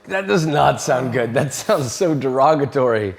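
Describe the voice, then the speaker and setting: A man in a comic reaction chat who sounds incredulous and laughs easily. His pitch stays mid-range but moves around a great deal. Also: lively intonation, unhurried, creaky. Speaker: co-host.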